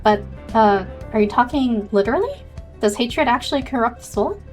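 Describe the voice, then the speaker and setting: A woman's voice: fairly high pitch, animated, moderate pace, soft background music, close to an everyday voice. Naive curious new guy, read by a woman. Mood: puzzled. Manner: puzzled questioning.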